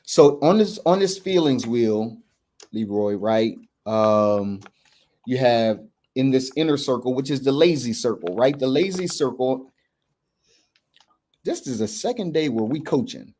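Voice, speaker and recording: A man's voice: medium pitch, animated, unhurried, warm tone. A man, a men's coach hosting a candid talk, earnest and reflective, often restarting and checking in with "right?". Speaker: men's coach and podcast host.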